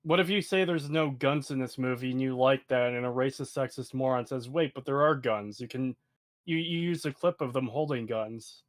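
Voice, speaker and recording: A man's voice: mid-range voice, moderate pace. Questioning, easygoing stream co-host man. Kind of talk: casual chat reacting to a video.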